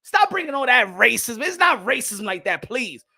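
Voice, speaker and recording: A man's voice: very high-pitched, very animated, normal speed, creaky, pushed and bright. A man, hosting a boxing show and ranting in a profane, slangy way that keeps repeating itself. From New York. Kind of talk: heated livestream rant.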